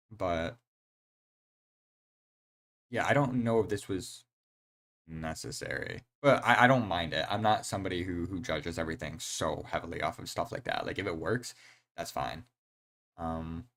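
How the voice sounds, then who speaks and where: Excitable, rambling young streamer guy. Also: sits low. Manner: rambling and excitable, full of slang and fillers. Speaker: game streamer. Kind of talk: casual live-stream chat.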